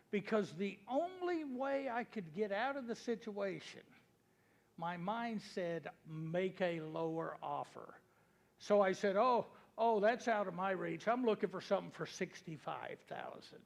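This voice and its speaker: Male seminar speaker, very high voice, gravelly, animated storyteller before a crowd. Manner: animated storyteller acting out dialogue. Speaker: real estate investing seminar speaker. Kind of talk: storytelling talk to a live audience.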